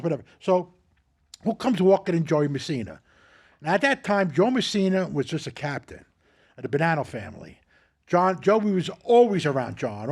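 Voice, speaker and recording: An older man hosting a casual chat, telling animated, profane stories and acting out what others said. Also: high voice. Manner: animated, profane, acts out quotes. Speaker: host.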